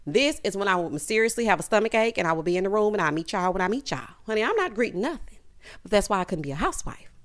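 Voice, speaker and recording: A woman giving a casual, sassy recap of a reality show, with animated asides to the viewer. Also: medium pitch, very fast.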